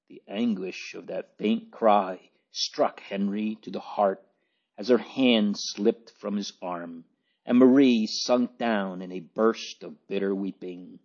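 A man narrating a storybook aloud in a measured way, on a dull lo-fi recording. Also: lowish voice, darkish tone. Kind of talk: audiobook narration.

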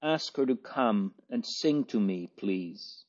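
A man's voice: lowish voice, lively intonation, slow pace, darkish tone. A man voicing a weak, exhausted sick little boy who speaks faintly and wearily, on a dull lo-fi recording. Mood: weary. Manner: faint, weary.

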